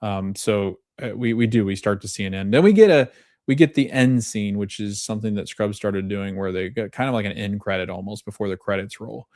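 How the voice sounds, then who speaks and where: A man's voice: fairly low pitch, fairly quick, a little mellow, dry recording, clean studio sound. A man hosting a podcast, retelling scenes in casual chat, reading quoted lines and often correcting himself. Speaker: podcast host.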